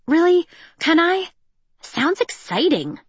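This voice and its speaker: A woman's voice: a little high, expressive, normal speed, no room sound, pitched above the performer's own voice. Woman playing a bubbly dramatic teen girl. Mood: eager. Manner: gushing, whiny, theatrical. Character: excitable teenage girl, dramatic, bubbly stepsister.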